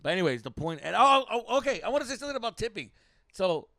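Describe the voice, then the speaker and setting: Gravelly animated podcast host, a man. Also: high-pitched, fast, no echo, clean studio sound. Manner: animated, profane, switches into Spanish slang. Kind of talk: casual storytelling.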